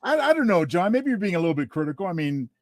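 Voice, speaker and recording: A man's voice: high voice, very animated, very fast, dry recording. A man co-hosting with dry teasing humor in casual chat. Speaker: co-host.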